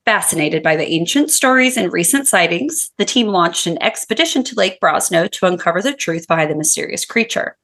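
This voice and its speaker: A woman with a fairly low voice co-hosts a podcast. She mixes profane, laughing banter with stretches where she reads her research notes aloud. It is a relaxed, casual chat. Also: brisk, hardly any pauses. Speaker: podcast co-host.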